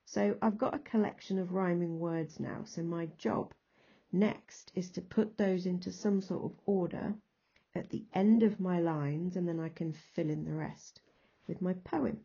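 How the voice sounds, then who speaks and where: A woman's voice: on the low side, a little slow, creaky, warm tone, husky, muffled recording. A woman with an English accent, teaching a recorded lesson and patiently talking through examples step by step.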